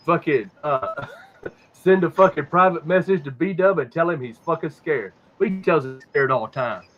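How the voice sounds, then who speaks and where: Speaking at an ordinary pace with a voice on the high side, this man hosts a podcast in a slightly raised voice. He curses a lot, wanders through casual conspiracy chatter, and repeats himself when words fail him, all captured in dull, lo-fi audio.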